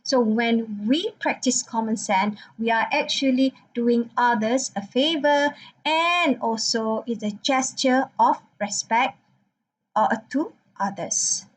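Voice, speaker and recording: Husky-voiced woman giving a lecture. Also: fairly high pitch, poor audio. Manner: frequent "okay" check-ins, non-native phrasing. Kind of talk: slide-based lecture.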